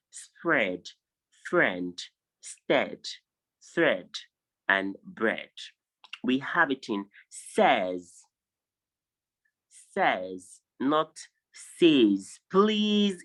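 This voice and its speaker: Slow, insistent male English tutor. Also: medium pitch, fairly bright tone, low-quality recording. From Nigeria. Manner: drills words, repeating them slowly for students; corrective, insistent on right pronunciation. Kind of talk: online phonology lesson. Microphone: video call.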